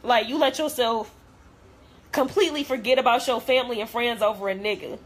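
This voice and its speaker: Speaking fairly quickly in a fairly high voice, this young female vlogger delivers an emotional rant directly to the camera. Her tone is hurt and heated, blunt, and full of swearing.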